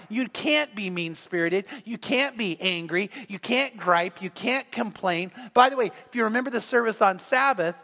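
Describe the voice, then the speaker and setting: A man preaching a sermon as pastor, animated and acting out the voices he quotes. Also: high voice, moderate pace, hardly any pauses, big-room sound.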